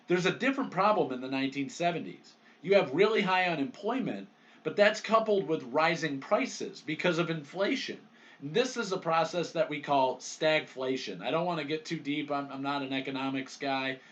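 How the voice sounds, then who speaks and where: A man's voice: fairly high pitch, a bit bright, muffled recording. Blunt, conversational male history lecturer. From Detroit, United States. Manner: conversational, blunt, with fillers and restarts. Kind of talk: recorded lecture.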